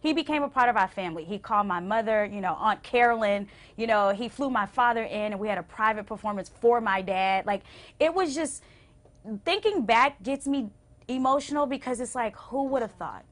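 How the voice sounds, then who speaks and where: A young adult woman singer telling stories as a TV interview guest, acting out quotes with big swings and going hushed when moved. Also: fairly quick. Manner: expressive, acts out quotes with big pitch swings. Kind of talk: animated storytelling in a TV interview. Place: TV station interview.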